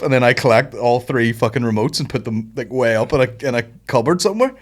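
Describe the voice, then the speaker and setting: A man's voice: animated, quick pace, few pauses. A man, a guest on a casual podcast, telling stories about his son and swearing a lot. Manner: sweary storyteller, mimics his son in a high voice. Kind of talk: casual chat.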